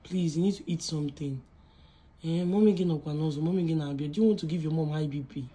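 Pleading tearful woman, low voice. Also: fast, mellow. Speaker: vlogger. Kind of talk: emotional vlog to a sick partner.

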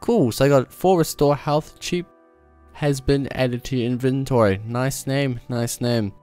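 A man's voice: mid-range voice, a little slow, darkish tone. Chatty man narrating his gameplay. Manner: chatty, playful, talks to himself while playing. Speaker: gaming video host. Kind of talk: casual let's-play commentary. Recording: faint game music behind.

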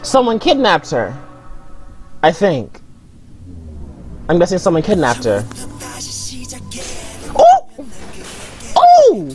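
A woman's voice: lowish voice, very animated, unhurried, long pauses, darkish tone. A young woman hosting a music video reaction vlog, talking casually and ranting in slang. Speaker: reaction channel host.

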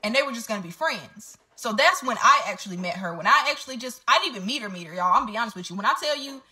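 A woman speaks to her viewers as if they were friends. Her voice sits a little high and rings bright and sharp. She is candid and swears freely in a casual storytime vlog. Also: lively intonation, racing. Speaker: vlogger telling her story.

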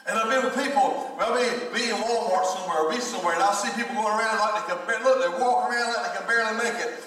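Older pastor preaching in an echoey church. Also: male voice, high voice, rapid-fire, bright, forceful tone. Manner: preaching with call-and-response, repeating phrases for emphasis. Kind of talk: sermon. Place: church sanctuary. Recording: echoey church hall from far off.

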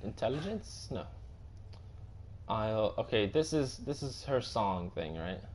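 A man's voice: lowish voice, sing-song, measured pace, a little mellow, a little hiss or hum. A young man commenting on a horror game, panicky, swearing and repeating himself. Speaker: gaming video host.

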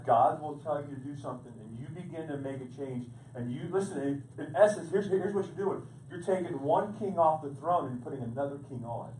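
A man preaching a sermon as pastor, repeating words as he builds to loud, urgent points. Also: fairly high pitch, fairly quick, hardly any pauses, slight background noise. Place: church sanctuary. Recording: echoey room picked up from a distance.

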